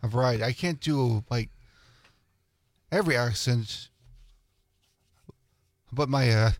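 A man who produces a radio show talks on air in an easygoing, hesitant way, pausing mid-sentence. His voice is mid-pitched and close-miked in a dry studio. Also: no room sound. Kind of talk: casual talk radio chat. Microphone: studio microphone.

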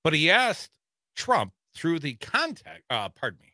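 Wry, bright-voiced male radio co-host. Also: fairly high pitch, huge pitch swings, measured pace, no room sound, studio quality. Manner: wry, teasing banter. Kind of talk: casual political talk radio.

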